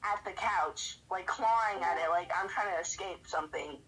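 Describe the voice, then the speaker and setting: A woman's voice: lowish voice, moderate pace, a bit bright, breathy edge, low-quality recording. A woman streamer chatting casually and telling stories, with a lot of "like" as filler. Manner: chatty storyteller, lots of "like". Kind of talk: casual chat.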